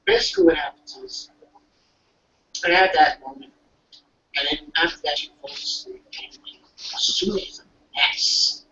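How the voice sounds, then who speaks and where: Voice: mid-range voice, huge pitch swings, measured pace, creaky, long pauses, sharp tone, slight background noise. A speaker casually recapping an anime episode, rambling and restarting, acting out the characters' lines along the way. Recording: distant, dull lo-fi mic.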